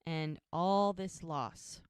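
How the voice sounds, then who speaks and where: A woman co-hosting a podcast, retelling the scenes of a TV episode in a lively, chatty way. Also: deep voice, drawn-out words, clear, resonant tone, dry recording, clean studio sound. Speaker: podcast co-host. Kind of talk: casual episode recap chat.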